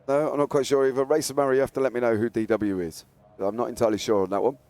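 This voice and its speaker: Chatty sim racing commentator. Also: male voice, medium pitch, racing, dry recording. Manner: chatty, jokey, climbs to excited shouts at race starts. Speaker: esports race commentator.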